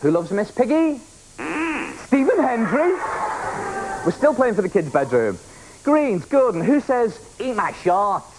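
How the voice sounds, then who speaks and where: A man hosting a children's game show, playful and energetic, often shouting to the contestants. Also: extremely high pitch, a little slow, pauses often, background noise. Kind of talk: lively TV game show presenting.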